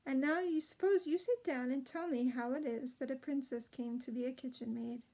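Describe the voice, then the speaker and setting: Woman reading as a cheerful young prince, teasing and kind, mellow voice. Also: sits high, normal speed, low-quality recording. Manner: warm, playful.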